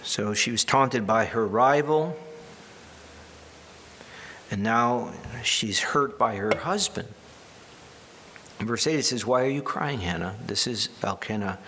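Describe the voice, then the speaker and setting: A man's voice: fairly low pitch, slow, pauses often, bright, forceful tone, a little hiss or hum. A man preaching a sermon in a conversational way, with wry asides and restarts. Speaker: pastor.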